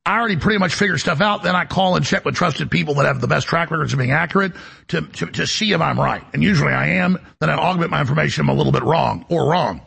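Gravelly raspy man ranting on air. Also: a little high, quick pace, a bit bright. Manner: emphatic, boastful, jumps between topics. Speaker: talk show host. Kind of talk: rambling radio talk show monologue.

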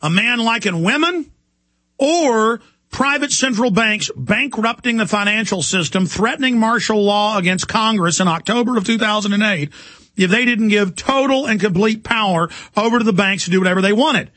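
High-pitched, forceful ranting man. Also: moderate pace, no room sound. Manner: impassioned, indignant ranting. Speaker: talk radio host. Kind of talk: talk radio monologue.

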